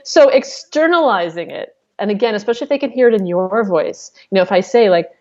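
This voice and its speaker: A woman's voice: mid-range voice, lively intonation, fast, few pauses, darkish tone, highs cut off. A woman coach speaking as an interview guest, explaining her methods candidly and swearing casually.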